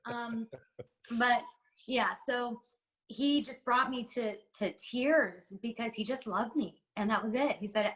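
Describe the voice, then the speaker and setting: A woman's voice: fairly high pitch, a little slow, fairly bright tone, low-quality recording. A woman from the United States, a podcast guest, talking candidly in an interview with a heartfelt, rambling and emphatic manner.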